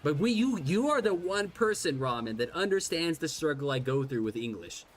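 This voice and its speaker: A man's voice: a little high, sing-song, normal speed. A man from Ireland chatting casually while streaming a game, rambling and self-deprecating, with lots of restarts and swearing.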